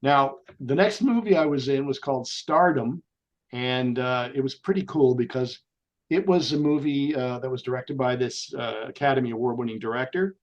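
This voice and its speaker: A man, speaking as a guest on an interview show. He tells lively stories at a mid-range pitch. He slips into voices whenever he quotes someone. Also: normal speed, dull audio. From Canada. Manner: animated raconteur, slips into voices when he quotes people. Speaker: guest actor. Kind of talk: anecdotal storytelling in an interview.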